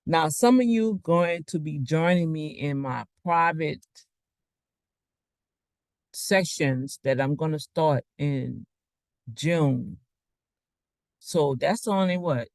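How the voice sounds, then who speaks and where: Guy doing a slow rambling livestream talk, kinda preachy, higher voice, dry close mic. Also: no room sound. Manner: preachy, rambling, with asides and laughs. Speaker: online financial coach. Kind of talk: casual livestream talk with screen share.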